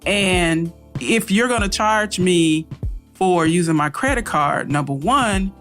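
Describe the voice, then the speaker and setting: A woman's voice: fairly low pitch, lively intonation, slow, a bit bright, faint music behind. A woman co-hosting a business podcast, giving firm, practical advice in a casual tone and laughing easily. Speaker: podcast co-host.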